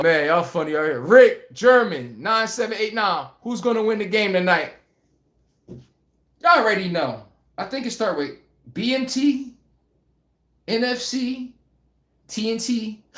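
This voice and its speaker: A man's voice: high-pitched, reverberant. A man hosting a casual live sports stream, joking and laughing as he reads viewer comments. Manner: animated, laughing, joking banter with chat.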